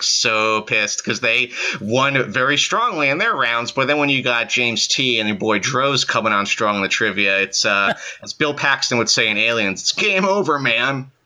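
A man's voice: mid-range voice, sharp tone. A man guesting on a podcast, chatting casually and joking around playfully. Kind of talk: casual chat.

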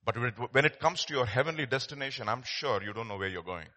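A man's voice: mid-range voice, lively intonation, fast, pushed and bright. A man preaching a sermon as pastor, telling stories in a conversational way with many fillers and restarts.

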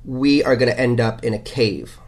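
A man's voice: mid-range voice, steady tone, normal speed, darkish tone. A male guest in a casual podcast conversation, thoughtful and hesitant, often repeating words as he works through his ideas. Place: hotel room.

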